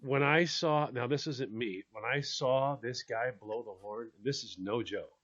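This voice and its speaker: Lively man telling a story. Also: medium pitch, a little slow. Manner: dramatic, acts out voices, laughs often. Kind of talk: animated storytelling. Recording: dull lo-fi sound.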